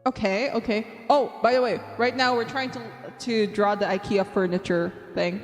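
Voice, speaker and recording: A woman's voice: mid-range voice, steady tone, normal speed. Bubbly young woman streamer, reverby sound. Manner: bubbly and chatty, counts aloud, giggles often. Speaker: art streamer. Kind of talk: casual live-stream chat. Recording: long reverb, faint background music.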